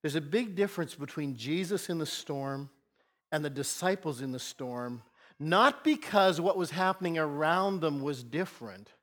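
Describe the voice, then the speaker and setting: Male pastor, higher voice, earnest storytelling sermon, drops soft then rises for emphasis. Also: expressive, moderate pace.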